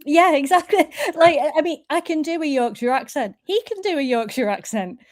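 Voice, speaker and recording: A woman chatting on a podcast, wry and quick to laugh. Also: high-pitched, lively intonation. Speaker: podcast panelist. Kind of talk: casual chat.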